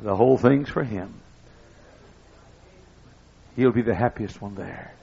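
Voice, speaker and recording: An older man preaching a sermon, telling folksy stories that build up to excited shouting. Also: lowish voice, measured pace, vocal fry, husky. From East Texas. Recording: dull lo-fi recording.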